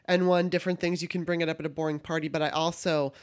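A man's voice: a little high, flat delivery, fast, clean tone. A man co-hosting a podcast, laughing often and asking questions with hesitant restarts. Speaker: podcast co-host. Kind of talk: casual chat.

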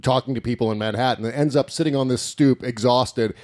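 A man co-hosting a podcast, talking in animated, profane casual chat and laughing at his own jokes. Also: medium pitch, fairly quick. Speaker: podcast co-host.

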